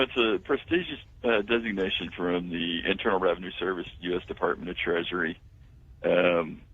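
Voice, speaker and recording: A man, a tax firm owner, pitching his services confidently as a guest phoning into a radio talk show. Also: breathy edge. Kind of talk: radio phone-in interview. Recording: tinny phone line.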